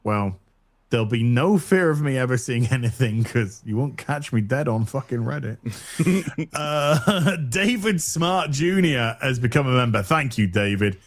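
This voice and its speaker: A man's voice: medium pitch, lively intonation, a little slow. A man hosting a casual livestream podcast, reading out donations, swearing freely and laughing often.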